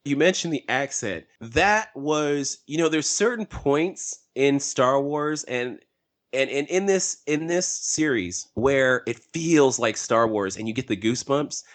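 Rambly animated guy giving his take on a podcast, mid-pitched. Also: measured pace. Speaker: podcast co-host. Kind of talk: casual discussion.

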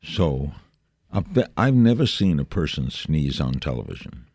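A man in his eighties from New York, a veteran broadcaster telling stories in a brisk, rambling interview chat. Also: rumbling low, very animated, darkish tone, slightly rough, no room sound, clean studio sound. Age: 80s. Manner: brisk, anecdotal, jumps between thoughts.

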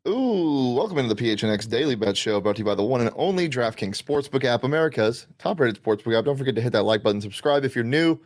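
A man's voice: medium pitch, animated, fast, few pauses, no room sound. A man hosting a casual sports betting show, with a mid-range voice. He sounds upbeat and eager, with frequent ums and restarts. The recording is dry and close-miked. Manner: upbeat, enthusiastic, with frequent fillers. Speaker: host.

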